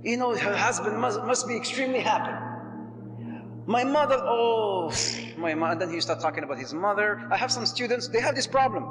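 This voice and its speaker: A man preaching to a live audience. He tells stories in an animated way, acts out the voices and mixes Arabic phrases into his talk. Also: high-pitched, fairly quick, long reverb tail, noisy background. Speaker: Islamic preacher.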